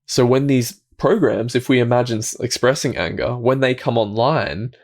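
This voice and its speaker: A man hosting a reflective self-help talk, speaking calmly and gently, often restarting his thoughts and dropping into soft, quiet asides. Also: medium pitch, moderate pace. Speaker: self-help video host.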